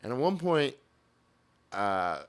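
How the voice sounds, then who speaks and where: A man spins a wild tour story in loose, casual podcast talk. He swears freely and jumps into the voices of the people he quotes. His voice sits at an ordinary middle pitch. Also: slow, smooth. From United States. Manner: animated, swears a lot, acts out quotes. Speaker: podcast guest, drummer.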